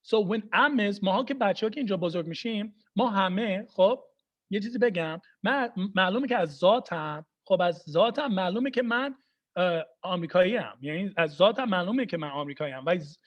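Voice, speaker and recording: A young man doing stand-up comedy over a video call, telling animated, fast stories and mixing two languages. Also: sits high, muffled recording. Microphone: computer mic for a video call.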